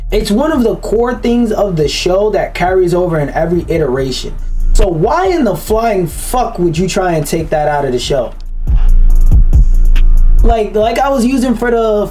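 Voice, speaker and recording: Woman, blunt profane rant, show commentary, mid pitch, faint background music. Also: mellow.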